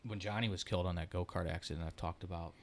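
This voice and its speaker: A man, telling rambling, profane stories on a podcast, loud when he laughs and hushed when he turns reflective. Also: sits low, fairly even intonation, fast, slight background noise. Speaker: podcast co-host. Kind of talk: casual storytelling chat.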